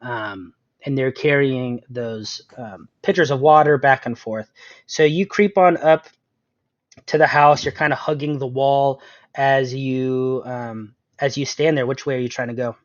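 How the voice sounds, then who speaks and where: Narrating a tabletop session, this male game master talks at medium pitch with a steady, unhurried tone. Laughter and "um" fillers pepper his chatty narration, captured as a dull, lo-fi, dry recording.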